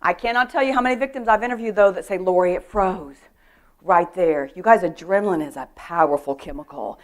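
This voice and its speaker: A middle-aged woman giving an animated talk on personal safety to a women's church group, telling stories, acting out quotes and asking the audience questions. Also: lowish voice, a little fast. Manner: lively storytelling, acts out quotes, asks the audience questions. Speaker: guest speaker on personal safety.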